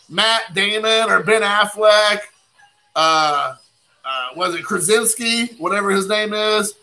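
A middle-aged man from the United States hosting a card-opening livestream, chatting in a rambling, excitable way and calling out to viewers. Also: high voice, rough recording. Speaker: card-breaking livestream host. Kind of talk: casual livestream chat while opening cards.

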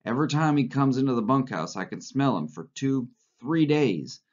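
A man's voice: mid-range voice, lively intonation, normal speed, darkish tone, voice pushed up, close to an everyday voice. A man reading the part of a blunt, coarse male ranch hand. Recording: lo-fi recording.

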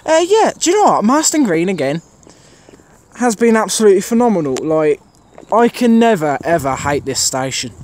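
A man's voice: high voice, sing-song, moderate pace, darkish tone. A man filming trains on an outdoor station platform, giving a rambling, casual commentary full of fillers to his camera mic. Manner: chatty, rambling, thinks aloud with many fillers.

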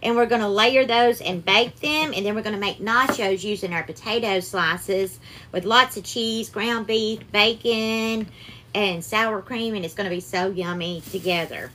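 A woman's voice: mid-range voice, moderate pace, pushed and bright. A woman with a Southern US accent hosts a casual live cooking stream, chatting and greeting viewers by name with sweetheart and darling. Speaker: cooking livestream host.

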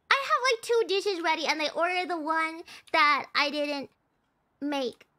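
A young woman streamer chatting casually while playing a cooking game, excitable and repeating herself in frantic bursts. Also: very high-pitched, unhurried. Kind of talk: casual gaming stream commentary.

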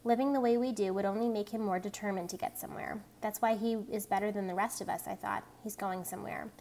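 A woman reads a novel chapter aloud in a plain, even storytelling voice. She gives the characters' lines small lifts without putting on voices. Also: mid-range voice, quick pace, slight background noise. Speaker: reader.

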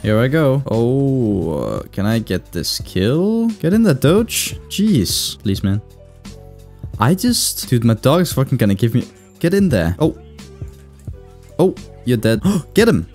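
A young man narrates his match in real time, swearing freely and reacting loudly to every fight. His voice swings widely up and down as the action shifts. Soft game music sits underneath. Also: medium pitch, very animated, takes it slowly. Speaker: gaming YouTuber. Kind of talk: live gameplay commentary.

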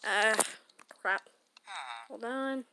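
A woman's voice: a little high, extremely slow. A woman casually talking through a game as she plays, rambling and chatting to herself. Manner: chatty, rambling self-talk. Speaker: gaming channel host. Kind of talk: casual gameplay commentary. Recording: loud background noise.

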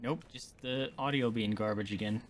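A man's voice: mid-range voice, normal speed, slight background noise. A man giving let's play commentary as a gaming streamer, swearing and ranting at the game in frustration.

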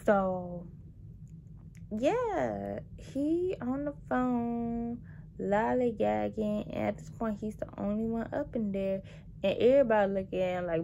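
A young woman telling a workplace story in a casual, animated, sassy way. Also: mid-range voice, a little slow, gravelly, slight background noise. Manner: animated, sassy, petty venting with dramatic emphasis. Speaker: vlogger telling work stories.

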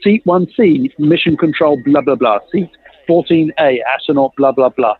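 A middle-aged man, a guest on an interview show, telling a story with lively, self-mocking humor and acting out the dialogue he quotes. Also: a little high, normal speed, husky, no echo. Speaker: guest, innovation consultant. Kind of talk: animated anecdote telling in a podcast interview. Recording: dry, tinny phone-like line.

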